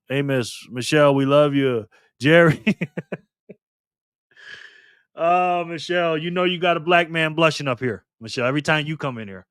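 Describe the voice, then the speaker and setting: A man's voice: medium pitch, a bit bright, clear, resonant tone, no room sound, clean studio sound. Teasing man hosting a live stream. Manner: playful, teasing, greets chatters by name. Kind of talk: casual live-stream chat.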